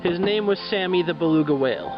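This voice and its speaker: A man's voice: a little high, lively intonation, quick pace, music in the background. An adult man narrating an improvised story with easygoing, playful delivery, taking turns with a child. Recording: dull lo-fi home recording.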